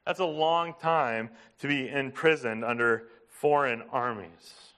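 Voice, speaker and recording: A man preaching a sermon, emphatic, asking his listeners questions and slowing down to stress a point. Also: medium pitch, a bit bright. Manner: emphatic, asks the congregation questions. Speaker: pastor.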